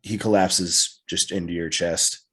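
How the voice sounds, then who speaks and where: A man's voice: low voice, steady tone, a little slow, sharp tone, husky. A man narrating a tabletop game as game master, with hesitant, filler-filled description.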